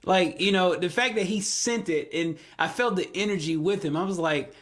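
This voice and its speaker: A man co-hosting a golf talk show, chatting casually and excitably, often repeating himself. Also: on the high side, normal speed. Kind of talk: casual sports chat.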